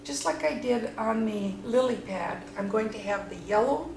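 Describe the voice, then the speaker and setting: A woman's voice: fairly high pitch, lively intonation, moderate pace, vocal fry. A woman teaching a watercolor painting lesson, chatting with enthusiasm as she paints. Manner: enthusiastic, chatty while working. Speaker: watercolor instructor. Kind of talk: painting demonstration. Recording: echoey room with faint noise.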